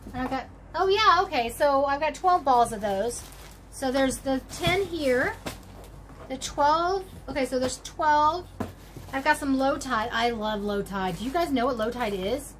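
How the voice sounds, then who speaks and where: A woman's voice: high-pitched, fairly bright tone, slight background noise. A woman hosting a casual crochet vlog, chatting to viewers in a bubbly, rambling way as she digs through a box. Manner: chatty, bubbly, talks to viewers while rummaging. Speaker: crochet channel host. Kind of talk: casual show-and-tell vlog.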